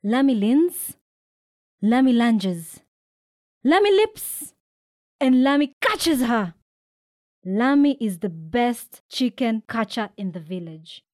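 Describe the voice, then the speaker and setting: Woman from kenya reading a kids' storybook out loud, high bouncy voice, slow and careful, dry close sound. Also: no room sound. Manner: lively, animated voices for characters' shouts. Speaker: storybook reader. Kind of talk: expressive read-aloud storytelling.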